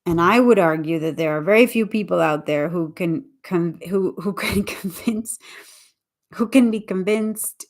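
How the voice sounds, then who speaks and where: Her pitch fairly low, a woman English teacher talks informally during a livestream, explaining her reasoning thoughtfully and often backing up to restart.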